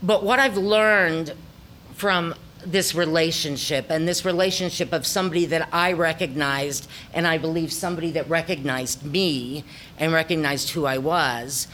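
A woman's voice: deep voice, moderate pace, a bit bright, a little hiss or hum. A middle-aged woman with an Ozark accent, a theater director telling a personal story to an audience, reflective and full of ums.

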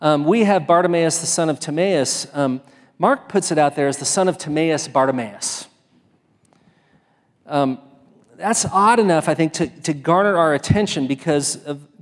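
A man delivers a sermon in a loose, conversational way, often restarting his sentences. His voice sits a bit high for a man. The sound rings with the long reverb of a church sanctuary. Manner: conversational, many fillers and restarts. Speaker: pastor.

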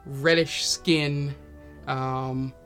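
A man narrating as game master in a tabletop game, talking haltingly with many fillers. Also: mid-range voice, steady tone, fairly bright tone, faint music behind.

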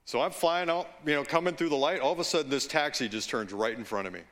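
A male pastor preaching a sermon, slow and deliberate, with storytelling asides and calls for agreement from the congregation. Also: on the high side, fairly bright tone.

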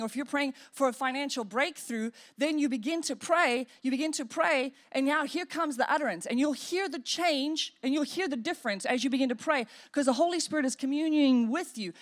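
A woman pastor preaching a sermon in an animated way, acting out inner voices and demonstrating praying in tongues. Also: high voice.

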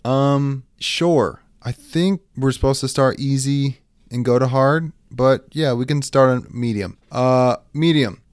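A man's voice: mid-range voice, measured pace, clear, resonant tone, no room sound, studio quality, natural voice. Man as a confused, hesitant game show host; mid voice. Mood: unsure. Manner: hesitant, unsure.

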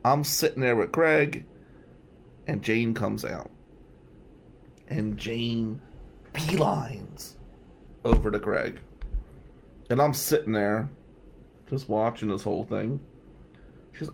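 A man's voice: fairly low pitch, a little slow, vocal fry, long pauses, a little hiss or hum. A man casually telling a personal story in a sardonic, rambling way, full of wry asides.

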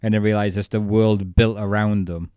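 A man's voice: fairly low pitch, little pitch movement, normal speed, dark tone, clear, resonant tone, no echo, clean studio sound. A man co-hosting a podcast, chatting in a reflective, rambling way. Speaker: podcast co-host. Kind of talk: casual chat.

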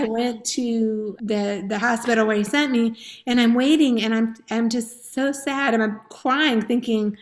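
A woman's voice: fairly high pitch, measured pace, few pauses. A woman in her forties telling her personal story as a guest on a faith-based talk show, earnest and emotional. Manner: earnest storytelling, laughing and tearful at times. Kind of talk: personal testimony in a faith interview.

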